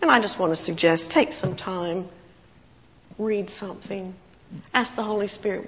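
A woman's voice: medium pitch, expressive, normal speed. Woman preaching in a reverberant hall. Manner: storytelling with acted quotes, warm chuckles. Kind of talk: sermon. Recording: muffled sound in a large reverberant hall.

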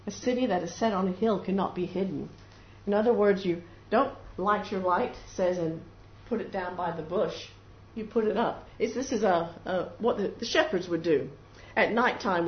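A woman delivers a devotional sermon in an earnest, heartfelt way, now and then slipping into little voices for the people she describes. Her voice sits in a middle register, and it comes through a dull, lo-fi recording with a faint hiss underneath. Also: medium pitch. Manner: earnest, acts out little voices of doubters and prayers. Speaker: preacher.

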